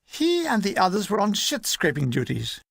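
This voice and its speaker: A man narrating a comic war memoir in a high, lively voice that rises and dips freely. He reads as an audiobook narrator and drops in voices for the people he describes. The recording is dry and close. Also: moderate pace, vocal fry, no echo. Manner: lively, animated reading with put-on character voices. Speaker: audiobook reader.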